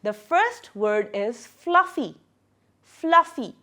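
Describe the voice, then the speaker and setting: Lively, emphatic woman teaching young pupils. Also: medium pitch, measured pace. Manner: lively and emphatic, stressing syllables and key words; patient, repeats words for young learners. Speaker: primary school English teacher. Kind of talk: recorded lesson explanation.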